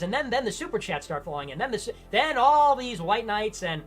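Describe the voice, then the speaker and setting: A man co-hosting a livestream, retelling a stream at length in an animated way and mimicking people in high-pitched voices. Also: fairly quick, faint music behind. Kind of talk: livestream chat.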